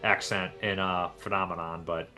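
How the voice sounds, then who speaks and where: A man's voice: low voice, flat delivery, normal speed, sharp tone. A man hosting a casual film discussion podcast, rambling with lots of restarts and fillers. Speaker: podcast host.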